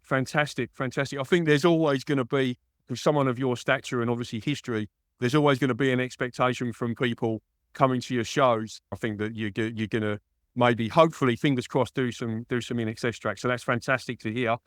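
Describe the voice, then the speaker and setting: A man's voice: mid-range voice, fairly even intonation, fairly quick, no echo, clean studio sound. A man from East London with an East London accent, hosting a radio interview in a chatty way, often calling his guest mate. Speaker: radio and podcast host.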